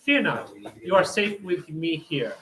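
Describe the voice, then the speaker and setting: A man's voice: on the high side, sing-song, measured pace, fairly bright tone. A man voicing a smug, seductive master of the house in a suave, crooning tone, read aloud in an echoey room with a crowd.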